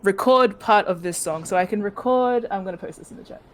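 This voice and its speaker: During a tabletop game session, a woman player chats casually at a fairly quick clip in a medium-pitched voice, giggling and often restarting her sentences.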